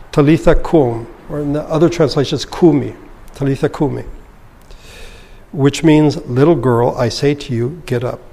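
A man's voice: medium pitch, darkish tone, long reverb tail. A man leading a Bible study, reading scripture aloud and then explaining it in a conversational way. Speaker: Bible teacher.

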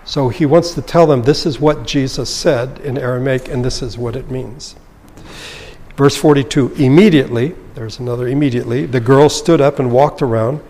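A man's voice: medium pitch, moderate pace, a little mellow. Man teaching a Bible lesson, reverberant room. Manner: reads scripture aloud, then comments in a conversational, explanatory way.

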